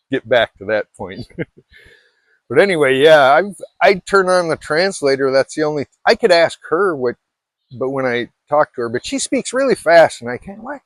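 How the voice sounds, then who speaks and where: A middle-aged man from Alaska talks casually to his viewers. His voice sits at an ordinary pitch and sounds dry and close, with little room around it. He rambles, pokes fun at himself and restarts his sentences often. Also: no echo. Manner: rambling, self-deprecating, many restarts. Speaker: vlogger. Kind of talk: casual chat to camera.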